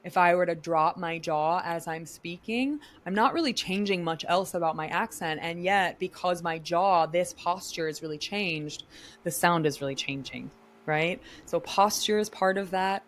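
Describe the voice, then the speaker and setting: A woman's voice: lowish voice, moderate pace. A woman who works as an actor and vocal coach, answering podcast interview questions in an articulate, explanatory teaching tone.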